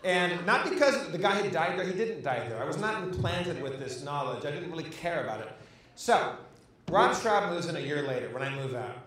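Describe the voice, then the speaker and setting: A man's voice: fairly high pitch, brisk, slight background noise. A man co-hosting a live comedy show, telling a long profane story and acting out the voices in it. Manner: profane, animated, acts out voices in his story. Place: live show in a large echoey venue. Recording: echoey venue audio, distant mic.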